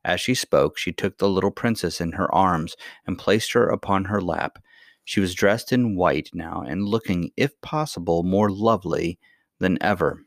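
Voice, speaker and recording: Brief: male audiobook narrator, low voice, dry close sound, steady pace. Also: moderate pace, no echo. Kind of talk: storybook narration.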